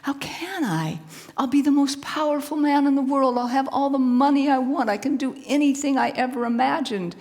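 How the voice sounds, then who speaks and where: Lady doing a torn fisherman, loud and pleading, higher pitch, big echoey hall. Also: normal speed. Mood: desperate. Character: desperate ambitious fisherman.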